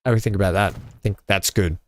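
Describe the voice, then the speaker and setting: A man's voice: deep voice, steady tone, very fast. A man hosting a live game stream, chatting casually with viewers, joking and laughing often. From Australia. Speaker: live-stream gaming host. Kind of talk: casual live-stream chat while playing.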